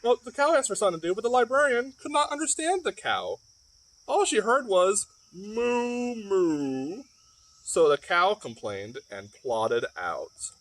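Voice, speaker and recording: Playful, animated man reading to kids. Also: sits high, normal speed. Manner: playful, chatty asides to kids. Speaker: library storyteller. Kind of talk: children's story read-aloud.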